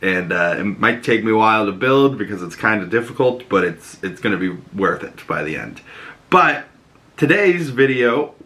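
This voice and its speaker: A man's voice: fairly low pitch, animated, normal speed, bright, forceful tone. A young man hosting a casual home vlog, rambling and chatty with plenty of fillers. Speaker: host.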